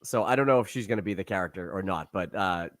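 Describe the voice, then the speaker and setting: A man's voice: fast, dry recording. A man co-hosting a podcast in casual chat, talking animatedly and jumping into character voices as he tells a story. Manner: animated, acts out characters with sudden swoops in pitch. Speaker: podcast co-host.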